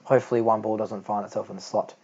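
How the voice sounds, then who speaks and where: A teenage boy talks his way through a cricket match in a loose, rambling way, fixing his words as he goes. His voice has a gravelly fry, and the recording is dull and lo-fi. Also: little pitch movement, fast talker, a little mellow. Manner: rambling, self-correcting, low-key. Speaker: amateur cricket commentator. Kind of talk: homemade live audio commentary.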